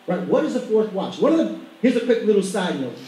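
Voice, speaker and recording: A man's voice: high voice, big pitch swings, fairly quick, mellow, a little hiss or hum. A man preaching a sermon, talking emphatically with stumbling restarts and asking the congregation to repeat lines after him. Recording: very echoey hall, mic far off.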